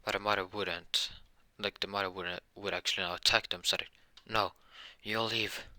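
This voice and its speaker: A man improvising a fan-fiction story out loud, rambling and correcting himself often. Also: sits low, little pitch movement, brisk, dry recording. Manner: rambling, frequent self-corrections.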